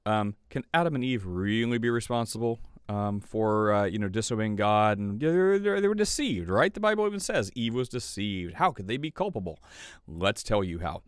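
A man's voice: on the low side, no echo. A man hosting his own podcast, talking in a chatty, rambling way and getting a little worked up. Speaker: podcast host. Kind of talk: casual podcast monologue.

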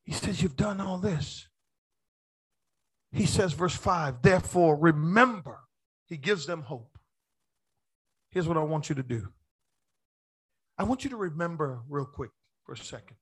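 A man preaching a sermon, calling out to the congregation, with playful asides and bursts of shouting. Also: high-pitched, very animated, moderate pace, pauses often, slightly rough. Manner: preaching with rising shouts, call-and-response to the congregation. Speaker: pastor.

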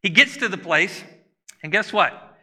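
A man's voice: high voice, animated, unhurried, pushed and bright, in a large hall. A man preaching a sermon to a congregation in a conversational style, often putting questions to them. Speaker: pastor.

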